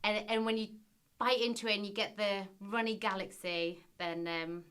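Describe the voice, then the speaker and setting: A woman in a casual interview, telling her stories with animated delivery and acting out what people said. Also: mid-range voice, moderate pace, smooth. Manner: animated storyteller, acts out quotes. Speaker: guest, former reality TV business contestant.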